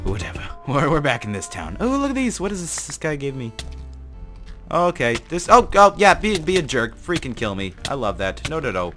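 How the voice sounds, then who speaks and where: A young man narrating his own gameplay, chatty and excitable, jumping from mumbles to panicked shouts. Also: a little high, moderate pace, faint music behind. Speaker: gaming channel host. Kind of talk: gameplay commentary.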